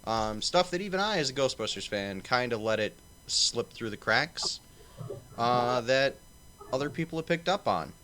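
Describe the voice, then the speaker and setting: A stream host with a bright, forceful, sing-song voice of medium pitch runs a casual livestream panel at normal speed. He's profane and rambling, his talk packed with fillers.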